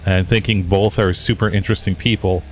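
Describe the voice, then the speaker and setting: Laid-back, low-voiced male podcast co-host. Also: fairly even intonation, brisk, soft background music. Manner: laid-back, filler-heavy, profane. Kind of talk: casual chat.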